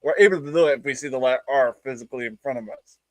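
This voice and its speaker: A man's voice: medium pitch, very fast, no room sound. A man with a New England accent, hosting a casual stream and telling rambling, jokey stories full of restarts. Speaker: streamer host. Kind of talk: casual chat.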